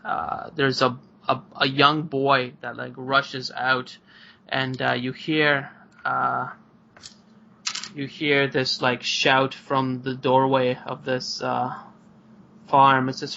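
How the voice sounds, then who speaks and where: A man's voice: mid-range voice, monotone, slow, gravelly, pushed and bright. A man narrating a tabletop game as game master, rambling with many fillers, over a video call. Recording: muffled lo-fi online call.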